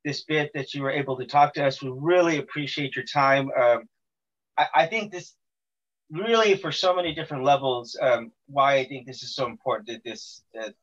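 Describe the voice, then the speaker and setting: A man's voice: medium pitch, moderate pace, a bit bright, highs cut off. A man hosting a casual interview, rambling with many fillers and restarts. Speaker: podcast host.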